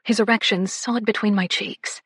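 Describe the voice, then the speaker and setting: A woman narrating a first-person romance audiobook, breathy and often slipping into whispers. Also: mid-range voice, steady tone, moderate pace, a bit bright, no room sound, clean studio sound.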